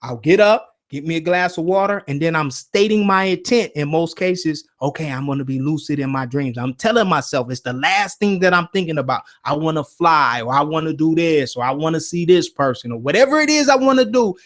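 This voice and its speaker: A man hosting a casual spiritual talk, telling stories in an animated way and often checking in with "right?" and "you see?". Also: a little high, fairly quick, few pauses. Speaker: host.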